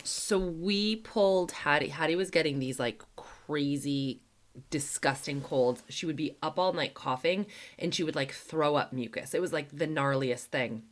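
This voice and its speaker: A podcast host with a low voice chats casually at an unhurried pace, telling stories in conversation. She's chatty, leans heavily on "like" as a filler, and acts out the dialogue she quotes.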